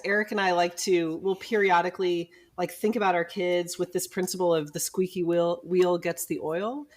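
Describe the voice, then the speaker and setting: A middle-aged woman, a physician and podcast co-host, telling a family story in casual chat and acting out the people she quotes. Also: lowish voice. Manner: animated storyteller who acts out quoted people.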